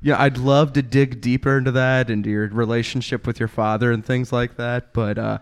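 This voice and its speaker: A man's voice: mid-range voice, little pitch movement, moderate pace, clear, resonant tone. A man hosting a casual comedic interview, politely but impatiently nudging his guest along. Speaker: host.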